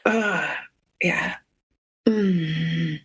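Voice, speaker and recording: A woman telling a painful personal story as an interview guest, halting and emotional, with many filler words. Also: deep voice, creaky, fairly bright tone, husky.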